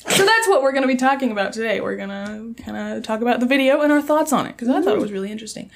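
A woman's voice: on the high side, animated, very fast, noisy background. Giggly young woman hosting a podcast. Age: young adult. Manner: giggly, self-deprecating, lots of laughter. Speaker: podcast host. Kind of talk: casual podcast chat.

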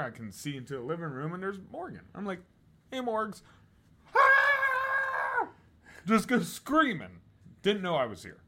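A man's voice: mid-range voice, a bit bright. A man co-hosting a podcast, telling stories in casual chat, swearing and laughing often. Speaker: podcast co-host.

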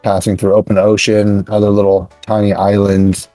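A man narrating as game master of a tabletop game, unhurried with many pauses. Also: fairly low pitch, completely flat delivery, dark tone, no room sound, faint music behind, rough recording.

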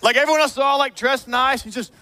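Bright-voiced male preacher. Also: extremely high pitch, fast talker. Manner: conversational preaching, swings between hushed and fired up. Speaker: pastor. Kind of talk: sermon.

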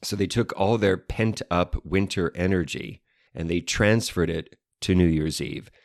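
A man with a very deep voice co-hosts a relaxed chat show, joking and reaching for fancy learned words. The sound is dry and close, with no room around it. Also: measured pace, no room sound. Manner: playful, wordy, fond of learned terms. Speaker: podcast co-host. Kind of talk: casual chat.

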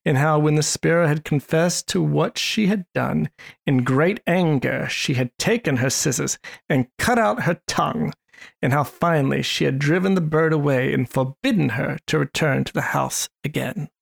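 A narrator with a gravelly voice reading a storybook in a measured, expressive way. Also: medium pitch. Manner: measured, expressive read-aloud.

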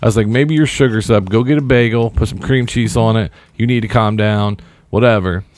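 A man's voice: on the low side, a little fast, darkish tone, no echo. A man in his thirties co-hosting a casual podcast, telling a long story in a laid-back, wry way and acting out what others said. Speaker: podcast co-host.

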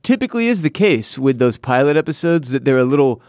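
A man's voice: mid-range voice, big pitch swings, quick pace, darkish tone, dry recording. Man, podcast co-host, casual joking chat, dry close mic. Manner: joking, playful banter.

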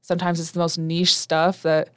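A young woman co-hosts a student podcast in a relaxed, talkative way, laughing easily. Her voice sits a little low and sounds smooth and clean. The recording is dry and close. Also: normal speed, dry recording. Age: young adult. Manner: chatty, laughs often. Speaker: student radio host. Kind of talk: casual podcast chat.

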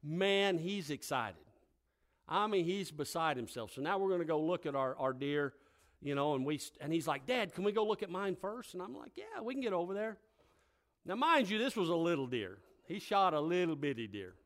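Older guy preaching a sermon, high voice, folksy stories that get loud and emphatic. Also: lively intonation, moderate pace. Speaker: pastor. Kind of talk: sermon with storytelling.

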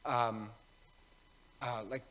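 Priest, male, casual wry homily delivery, bright tone, long church reverb. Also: medium pitch, little pitch movement, extremely slow. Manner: conversational, wry and self-mocking. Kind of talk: weekday homily.

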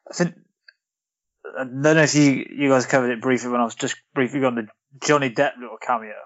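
A man's voice: medium pitch, fairly even intonation, brisk. Male guest, easygoing chuckler, dull lo-fi recording. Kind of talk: casual film chat.

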